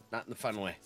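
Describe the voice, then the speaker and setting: Bright-voiced chatty male streamer. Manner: chatty, laughs often between remarks; greets viewers by name. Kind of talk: casual live-stream chat.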